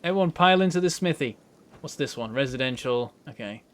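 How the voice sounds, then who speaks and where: A man's voice: mid-range voice, lively intonation, fairly quick, a bit bright, slight background noise. A man hosting a let's play, giving rambling, self-mocking gameplay commentary and chuckling often.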